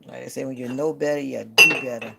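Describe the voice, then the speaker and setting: A man's voice: mid-range voice, steady tone, a little fast, gravelly, heavy background noise. A man hosting a casual morning live stream from home, rambling and chatty, often correcting himself mid-sentence. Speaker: live stream host and content creator. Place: at home in the morning, near a window with bird feeders.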